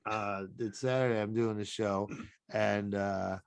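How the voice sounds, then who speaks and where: A man co-hosts a casual podcast, a stand-up comic with a low, dry, close-miked voice. He tells stories with animation and slips into the voices of the people he quotes. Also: unhurried, gravelly, clean tone, no room sound. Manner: animated storyteller who acts out quoted voices. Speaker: podcast co-host and stand-up comedian. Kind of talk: casual podcast chat and storytelling.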